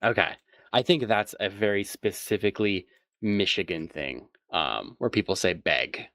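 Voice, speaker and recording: Deep lively man, dry close sound. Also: moderate pace, dry recording. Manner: relaxed, playful, laughs loudly. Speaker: co-player. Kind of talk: casual chat while gaming.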